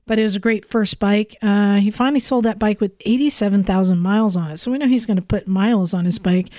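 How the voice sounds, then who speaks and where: Upbeat female host, a touch high-pitched, casual read-and-chat delivery. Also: a little mellow, no echo, clean studio sound. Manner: chatty and upbeat, with frequent restarts and asides. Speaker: podcast host. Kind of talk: casual chat, reading listener emails aloud.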